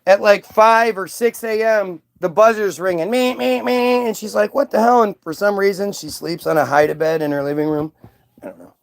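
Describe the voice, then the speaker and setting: A man's voice: sits high, moderate pace, creaky. A man hosting a livestream, ranting casually to his chat in a heated, profane way with many restarts. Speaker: livestream host. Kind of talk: casual rant to a live chat.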